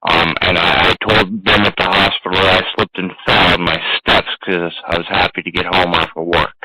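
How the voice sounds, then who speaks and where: A man in casual conversation, upset and rambling with halting restarts. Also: low voice, level tone, pushed and bright, slightly rough, no room sound, rough recording.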